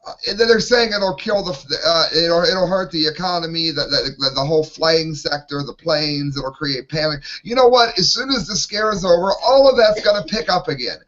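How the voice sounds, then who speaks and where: A man's voice: fairly high pitch, normal speed, fairly bright tone. A man ranting in an exasperated way while co-hosting an opinionated panel talk show, heard over lo-fi online call audio.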